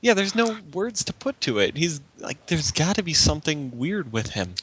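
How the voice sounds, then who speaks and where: A man's voice: a little high, sing-song, normal speed, fairly bright tone, husky. A man playing a tabletop role-playing game, chatting casually and filling his talk with "like" and "kinda". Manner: rambling, leans on "like" and "kinda". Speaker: player.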